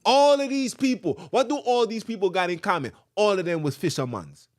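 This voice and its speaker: A man hosting a podcast, animated and ranting, who repeats phrases, jokes and reads a letter aloud. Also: sits high, a little fast. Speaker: podcast host.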